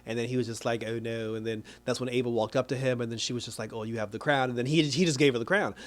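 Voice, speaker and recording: A man giving a casual, animated recap of a TV episode, laughing often as he paraphrases what the characters said. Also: medium pitch, fast talker. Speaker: TV show reviewer.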